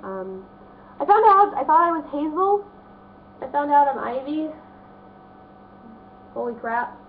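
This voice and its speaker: A woman's voice: sits high, big pitch swings, a little slow, a little hiss or hum. Chatty congested woman, tinny lo-fi audio. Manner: rambling, chatty, with many fillers. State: congested, stuffy nose. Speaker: vlogger showing a book haul. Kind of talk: casual chat.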